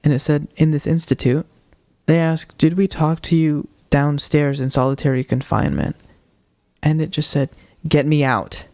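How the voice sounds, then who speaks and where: Young man, podcast co-host; slightly higher voice, dry close recording; casual, animated storytelling. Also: normal speed, no echo. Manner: retelling a ghost video with quoted voices, animated.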